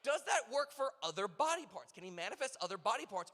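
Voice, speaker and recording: Man, emcee, stand-up comedy, rhetorical questions, high voice, long hall echo. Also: fast talker. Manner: rambling rhetorical questions, animated. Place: convention event hall. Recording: long reverb of a large hall over PA.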